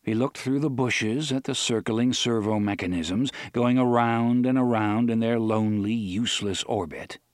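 A man narrates an audiobook from a script, in a measured storytelling manner. His voice is medium-pitched, and the studio recording is clean with no room sound.

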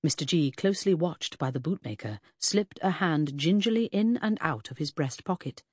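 A woman narrating a period mystery audiobook in an expressive storytelling manner. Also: deep voice, moderate pace, breathy edge, dry recording, studio quality. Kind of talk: scripted narration.

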